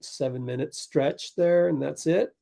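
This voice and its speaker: A young man talks his way through a live game stream in a casual, unhurried way, mumbling to himself between plays. His voice sits a little high for a man, and he calls the action in quick bursts. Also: gravelly, warm tone. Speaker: sports livestream host.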